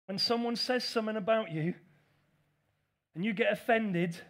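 A pastor preaches a sermon in a notably high-pitched voice, speaking at normal speed with long pauses. He's animated, often slipping into playful voices to mimic his critics.

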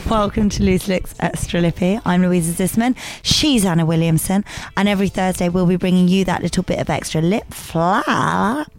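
A woman co-hosting a podcast in a casual chat, blunt, sweary and excitable. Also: on the low side, moderate pace, few pauses. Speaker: podcast co-host.

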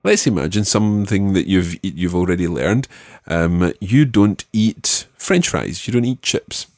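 A male language teacher leading a spoken lesson, patiently modelling words slowly and clearly. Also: deep voice, lively intonation, darkish tone, no room sound, clean studio sound.

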